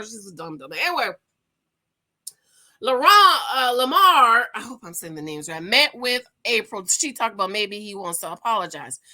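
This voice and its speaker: A woman casually recapping a reality dating show to her viewers, animated and gossipy, calling them "girl". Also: mid-range voice.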